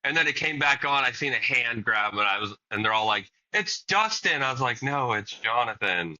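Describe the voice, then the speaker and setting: Speaking a little fast in a mid-range voice that sounds pushed and bright, this male podcast co-host keeps things easygoing. He agrees readily and mostly answers briefly, captured in dull lo-fi sound.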